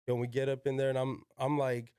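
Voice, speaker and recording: Young dude spinning a story on a podcast, says yo and like a lot, cusses, smooth clean voice, mid pitch. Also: male voice, level tone, fast, mellow, dry recording, clean studio sound. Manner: slangy, peppered with "yo" and "like", swears freely. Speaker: podcast guest. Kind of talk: casual storytelling.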